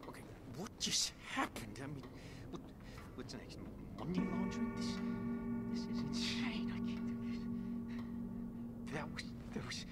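An actor playing an honest local lawyer who stammers and grows nervous and exasperated. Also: male voice, high-pitched, big pitch swings, unhurried, loud music behind the voice. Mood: panicked. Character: honest male lawyer, indignant then panicked. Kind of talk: game voice acting.

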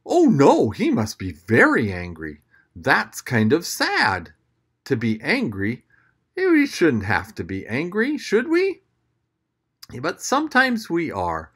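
A children's church storyteller reading a picture book aloud and talking directly to kids, with gasps and an animated manner. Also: mid-range voice, slow pace, breathy edge.

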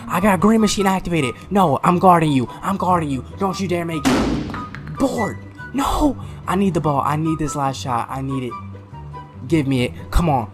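A man's voice: sing-song, moderate pace, loud music behind the voice. Trash-talking hyped gamer guy. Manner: trash-talking, swings from loud hyped outbursts to low mutters. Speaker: gaming streamer. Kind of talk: live gameplay commentary.

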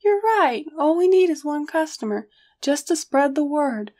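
A woman's voice: high voice, big pitch swings, a little slow, dark tone, voice pushed up. A woman voicing an eager, stubborn young male camp owner in a story reading, insistent. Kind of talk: audiobook character reading.

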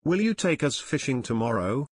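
Male reader doing steady teen boy detective, storybook, firm, mid pitch. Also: normal speed, breathy edge, no echo, clean studio sound. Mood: determined. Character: older teenage boy detective, level-headed and determined.

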